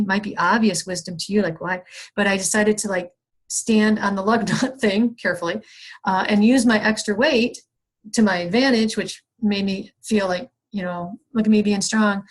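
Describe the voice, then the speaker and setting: A woman's voice: medium pitch, normal speed. A young adult woman teaching an online wellness workshop over a video call, talking in a conversational, reflective way with many fillers and restarts. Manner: acts out her own past frustration with raised excited voice. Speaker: workshop facilitator.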